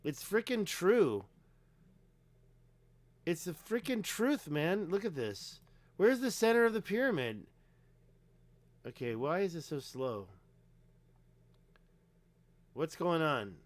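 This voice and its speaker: A man's voice: a little high, lively intonation, slow, pauses often, no room sound. A man hosting a casual livestream, talking emphatically and rambling with lots of fillers while clicking through pages. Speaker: livestream host.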